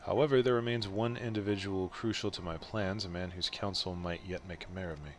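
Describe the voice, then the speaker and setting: A man voicing an earnest middle-aged male game character, a would-be mayor, speaking in a measured, formal, modest way with a faint put-on Scottish lilt. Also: deep voice, steady tone, a little hiss or hum, close to an everyday voice.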